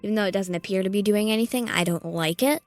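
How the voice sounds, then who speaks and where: A woman playing a tabletop game, talking casually in a halting way with frequent fillers. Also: medium pitch, soft background music. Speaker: player.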